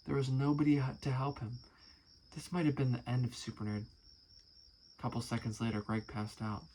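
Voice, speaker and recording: A man's voice: mid-range voice, little pitch movement, brisk, warm tone, a little hiss or hum, poor audio. Amused man reading aloud casually. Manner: amused, chatty, swears casually. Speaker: musician and video creator.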